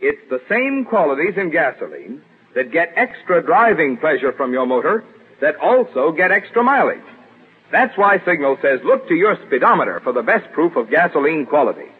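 A man announcing and reading a commercial in a smooth salesman's pitch, on a tinny 1940s radio broadcast.

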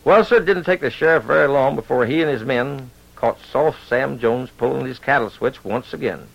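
A man's voice: medium pitch, moderate pace, creaky. A man telling a western story on the radio in a folksy cowboy drawl. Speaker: radio storyteller and show host. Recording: lo-fi old radio recording.

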